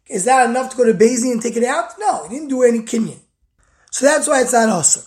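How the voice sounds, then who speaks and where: A woman with a slightly high voice teaches a text study lesson phrase by phrase. She reads a line of the original, then stops to unpack it in plain English. Her delivery comes in short bursts with the odd restart. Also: animated, fast, darkish tone. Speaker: Talmud teacher.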